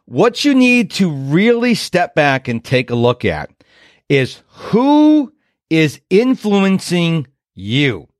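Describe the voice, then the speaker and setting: Fifties guy doing a punchy motivational podcast rant, kinda high voice. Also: wildly swooping pitch, slow, no room sound, studio quality. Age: 50s. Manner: emphatic, punchy, acts out quoted voices. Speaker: productivity coach and podcast host.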